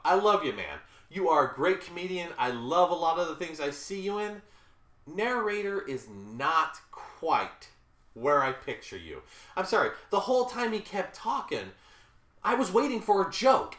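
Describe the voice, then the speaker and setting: In an echoey room, a thirty-something critic from the American South delivers a frank, exasperated movie rant, apologizing again and again between complaints. Their voice is mid-range and a bit bright.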